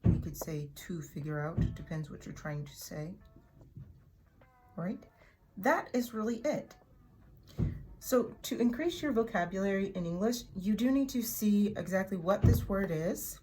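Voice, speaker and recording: A woman teaching an English vocabulary lesson in a chatty way, repeating words slowly for learners to echo. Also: lowish voice, background noise. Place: in Oklahoma.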